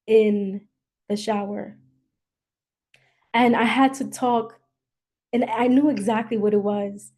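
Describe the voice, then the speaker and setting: A woman's voice: mid-range voice, warm tone. A woman who hosts a coaching podcast, telling a personal story in an earnest, emotional way and holding back tears. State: near tears. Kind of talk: personal reflective monologue.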